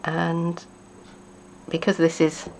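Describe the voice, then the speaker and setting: A woman demonstrating card-making, chatting and thinking aloud as she works, sometimes dropping to a quiet mutter. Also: fairly low pitch, monotone, slow pace. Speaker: craft demonstrator.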